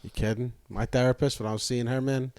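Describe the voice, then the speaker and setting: A man's voice: mid-range voice, flat delivery, fast talker, darkish tone, slight background noise. A man who is a guest on a podcast, talking bluntly, joking and swearing casually.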